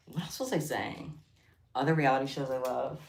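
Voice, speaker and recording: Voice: medium pitch, normal speed, creaky. A livestream host chatting casually while crafting, giggly and rambling off on tangents. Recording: roomy echo.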